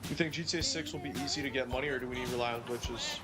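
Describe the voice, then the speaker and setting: A man's voice: mid-range voice, fairly even intonation, racing. Laid-back joking male game streamer. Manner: laid-back, joking, reads chat aloud. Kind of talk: casual live-stream chat. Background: game music.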